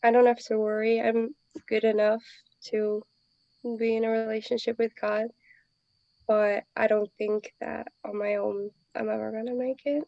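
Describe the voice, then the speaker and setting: A woman's voice: a little high, flat delivery, moderate pace, gravelly, no echo. A woman co-hosting a podcast, sharing her thoughts hesitantly and reflectively. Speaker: podcast co-host. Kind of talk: casual reflective conversation. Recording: slightly muffled audio.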